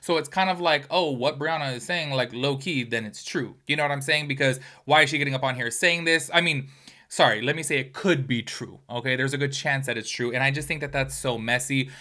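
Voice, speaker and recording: A man's voice: mid-range voice, brisk, pushed and bright. A man hosting a gossip commentary video, talking animatedly with exclamations and apologetic asides to his viewers. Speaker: commentary YouTuber host.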